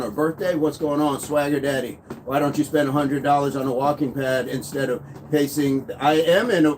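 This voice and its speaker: A man's voice: a little high, a little mellow. A man in his thirties hosting a live fitness stream, walking on a walking pad as he reads viewer comments aloud in an upbeat, chatty way. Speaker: fitness livestream host. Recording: faint background noise.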